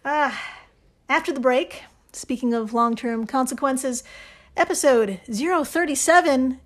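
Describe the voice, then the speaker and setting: A woman hosting her podcast in casual, upbeat chat. She laughs easily and is openly enthusiastic about the topic. Her voice sits a little high. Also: a little slow, a bit bright. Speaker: podcast host.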